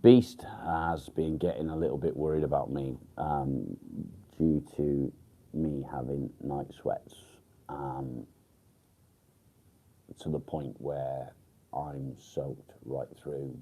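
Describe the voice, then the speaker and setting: A man's voice: a bass voice, fairly even intonation, slow pace, mellow, breathy edge. A man hosting a casual morning live stream, still groggy and rambling with fillers and the odd swear word. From England. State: groggy, just woken up. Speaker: livestream host.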